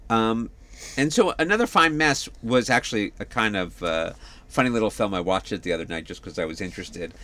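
A man chatting casually as a podcast co-host, his speech full of ums and uhs as he works out his thoughts. His voice sits on the low side for a man. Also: lively intonation, fairly quick, sharp tone. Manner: chatty, hesitant with many fillers. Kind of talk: casual chat.

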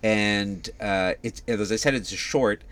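A man's voice: fairly low pitch, unhurried, fairly bright tone. A man co-hosting a casual podcast chat, talking with frequent fillers and restarts. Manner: chatty, hesitant with many fillers. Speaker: podcast co-host.

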